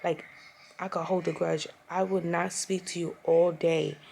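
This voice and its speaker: At home, a young woman vlogs a storytime rant, profane and exasperated, acting out the retelling with animation. She speaks a little slowly in a lowish, creaky voice, over a faint hiss or hum.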